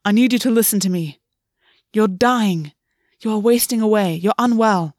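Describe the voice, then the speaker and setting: A woman's voice: mid-range voice, normal speed, darkish tone, no echo, clean studio sound, natural voice. A woman reading aloud and voicing a scheming, petty male fae lord who talks persuasively. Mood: urgent.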